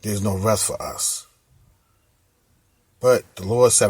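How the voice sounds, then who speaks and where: A man's voice: lowish voice, steady tone, slow pace, pauses often, a little mellow, husky, no room sound. A man preaching an informal sermon, reading scripture and repeating key phrases for emphasis in casual street speech. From United States.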